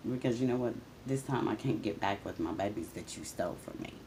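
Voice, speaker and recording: Gravelly woman venting raw emotion. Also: extremely low pitch, fairly quick, darkish tone, slight background noise, low-quality recording. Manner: addresses absent people directly. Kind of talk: raw confessional monologue.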